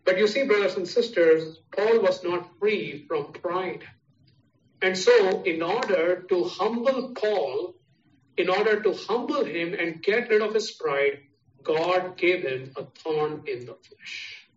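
A man's voice: sits high, takes it slowly, a little hiss or hum. A man with an Indian English accent preaching a sermon, stressing his points through repeated parallel phrases. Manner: repetitive, emphatic preaching with listed parallel phrases. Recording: echoey, distant, dull sound.

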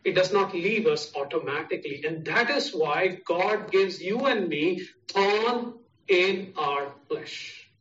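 A man's voice: high-pitched, a bit bright. A man with an Indian English accent preaching a sermon, stressing his points through repeated parallel phrases. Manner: repetitive, emphatic preaching with listed parallel phrases. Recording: echoey, distant, dull sound.

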